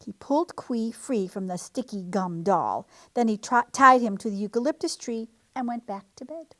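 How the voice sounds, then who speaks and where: Storytime reader, woman, expressive read-aloud, lively up and down voice. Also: on the high side, normal speed. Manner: expressive, animated. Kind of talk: reading a picture book aloud.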